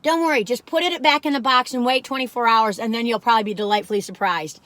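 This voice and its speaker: With no room sound, an older woman's slightly high, fairly bright voice comes through quickly. She's a food vlogger reviewing cookies, chatty and rambling, easily pulled off onto tangents.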